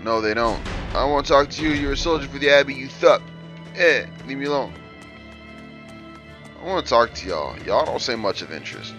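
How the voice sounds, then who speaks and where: A man's voice: mid-range voice, lively intonation, normal speed, fairly bright tone, soft background music. A man hosting a casual let's play, brash and trash-talking as he reads game lines aloud and mocks them. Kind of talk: casual gameplay commentary.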